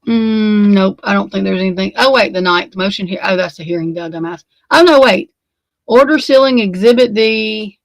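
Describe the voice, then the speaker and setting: A tired, yawning woman rambles through casual live commentary on her true crime stream, chatting with viewers and swearing when exasperated. Her voice is medium in pitch, her pace moderate, and the recording dry.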